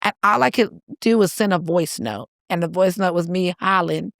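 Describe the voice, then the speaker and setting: A woman in her thirties co-hosting a casual chat, telling a lively story and acting out the voices. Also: fairly low pitch, normal speed, vocal fry, hardly any pauses, dry recording. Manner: animated storyteller, acts out voices and cries. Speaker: podcast co-host.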